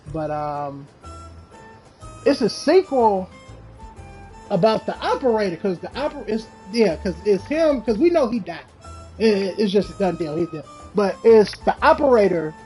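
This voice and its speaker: A game streamer chatting casually and telling stories in an animated, rambling way, with lots of slang and swearing. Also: medium pitch, poor audio. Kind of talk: casual chat while streaming.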